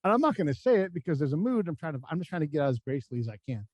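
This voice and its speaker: An American man sits in as a podcast guest and spins blunt, profane war stories in a loose, casual way. He acts out the voices of the people in his tales. His voice sits a little higher than most men's, and it is recorded close and dry with no room sound. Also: sing-song, very fast, a little mellow, dry recording. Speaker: podcast guest, former army combat spy. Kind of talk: casual storytelling chat.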